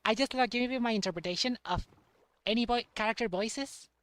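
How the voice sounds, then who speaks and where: A young man streaming a game, chatting casually in a halting way and repeating words. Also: very high-pitched, a bit bright, no echo. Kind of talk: casual chat while playing a game.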